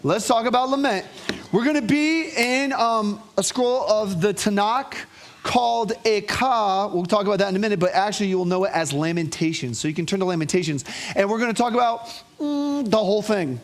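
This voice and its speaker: A man's voice: high voice, fairly quick. A man preaching to his congregation, telling stories with animation and calling for responses from the room. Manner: animated storytelling with call-and-response. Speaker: pastor. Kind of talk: sermon.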